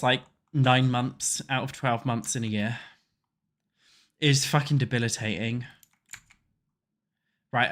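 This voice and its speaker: A man's voice: medium pitch, fairly bright tone. A man with a stuffy, congested voice from a cold chats loosely with his live viewers at his desk. He swears freely and teases the chat. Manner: crude, swearing, joking with chat. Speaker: streamer. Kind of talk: casual livestream chat while playing.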